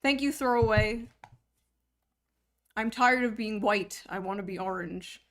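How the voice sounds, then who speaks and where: A woman's voice: mid-range voice, unhurried, a bit bright. A young woman hosting a livestream in casual chat, joking crudely and swearing freely. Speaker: livestream host.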